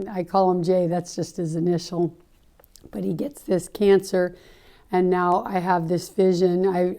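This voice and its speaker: A woman's voice: lowish voice, warm tone. A woman hosting her own podcast as a natural health practitioner, telling a story in an earnest, heartfelt, rambling way. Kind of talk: casual storytelling monologue.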